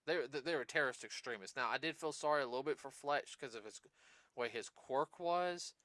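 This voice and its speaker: A man's voice: mid-range voice, fairly quick, fairly bright tone, no echo. A man hosting a casual podcast, rambling through his points with plenty of fillers and restarts. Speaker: podcast host.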